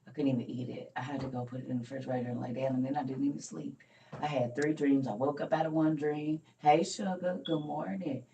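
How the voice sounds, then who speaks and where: Older woman, low voice a little off-mic, tired, chatty grandmother storyteller for a home vlog. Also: level tone, fast, dark tone, distant mic, muffled recording, slight background noise. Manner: chatty storytelling, Southern Black vernacular, calls viewers y'all and honey. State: tired and weak. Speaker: vlogger. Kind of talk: casual morning vlog chat.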